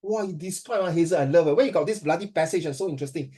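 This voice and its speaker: A man's voice: a little high, racing, warm tone, breathy edge. A man with a Singaporean English accent tutoring a student in a playful, teasing way, switching between languages. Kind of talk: casual one-on-one tutoring.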